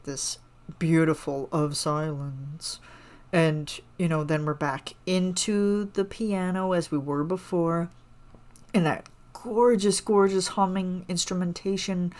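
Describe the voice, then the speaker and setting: A woman hosting a solo podcast, gushing about a song in a rambling, casual way full of fillers. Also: sits low. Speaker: podcast host reacting to a song.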